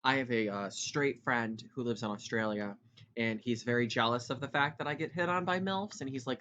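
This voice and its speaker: Young male podcast host, chatty and loud, bright voice, lo-fi dull recording. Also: mid-range voice, a little hiss or hum. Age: 20s. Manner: talks fast and loud, rambling asides. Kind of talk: casual solo podcast chat.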